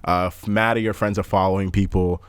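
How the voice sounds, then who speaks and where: A man's voice: low voice, level tone, fairly quick, smooth, dry recording. A young man co-hosting a podcast, telling a story in loose, joking slang. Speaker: podcast co-host. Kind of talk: casual chat.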